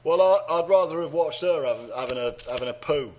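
A man's voice: on the high side, fairly quick, a little mellow, slight background noise. A man from England co-hosting a comedy podcast, rambling through casual chat and silly impressions. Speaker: podcast co-host.

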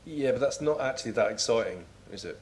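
A man's voice: mid-range voice, expressive, fast talker, a little mellow. A man in his forties co-hosting a comedy chat with dry, mock-serious wit. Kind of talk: comedic banter.

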